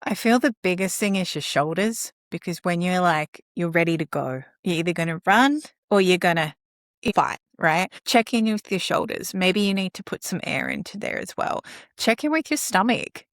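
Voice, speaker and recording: A woman giving earnest, practical advice on calming down, sometimes acting out slow breathing as she talks. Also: fairly low pitch, dry recording, clean studio sound. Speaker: guest speaker on caregiving. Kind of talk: conversational advice.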